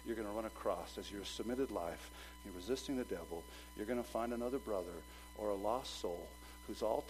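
A male pastor preaching a sermon, swinging from loud urging to low, quick asides. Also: a little hiss or hum, low-quality recording.

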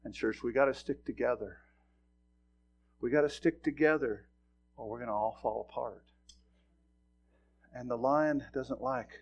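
A middle-aged male pastor preaching a sermon, telling a personal story in a folksy, animated way with sudden loud bursts. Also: mid-range voice, highs cut off.

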